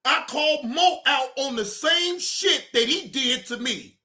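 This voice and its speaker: Male streamer, high-pitched and tense, swearing and venting, then reining it in. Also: unhurried. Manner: heated, repetitive, keeps telling himself to calm down. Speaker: livestream reaction host. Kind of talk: profane livestream rant.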